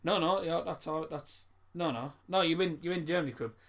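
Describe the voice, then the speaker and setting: A man's voice: a little high, fairly quick, fairly bright tone. A young man, hosting a casual live football stream and rambling through stories and viewer messages with lots of restarts. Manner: rambling, stumbles and repeats words.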